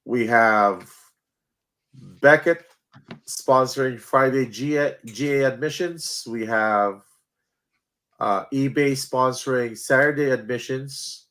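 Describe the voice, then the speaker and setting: A man speaks as a guest on a live chat show, running through event details in a loose, halting way. His voice sits at an ordinary middle pitch, with plenty of fillers between phrases. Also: a bit bright. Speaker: card show organizer, guest. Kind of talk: casual chat and event promotion.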